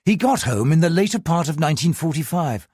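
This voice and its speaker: A man reads a calm, secretive police chief, measured and deferential. The voice is a little husky and very dry. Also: on the high side, no room sound, voice pushed up.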